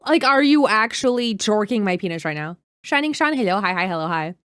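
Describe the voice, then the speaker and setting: A woman's voice: medium pitch, lively intonation, fairly quick, fairly bright tone, clean tone, no echo. A young woman streaming a reaction video, talking heatedly, swearing and greeting her chat by name. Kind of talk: casual live-stream reaction.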